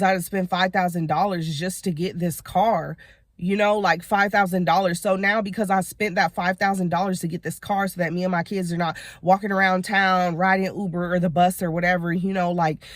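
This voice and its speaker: A woman's voice: fairly low pitch, no room sound, clean studio sound. A woman talking from inside her car in a casual motivational vlog, earnest and rambling, often saying "you know what I'm saying.". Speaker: motivational vlogger.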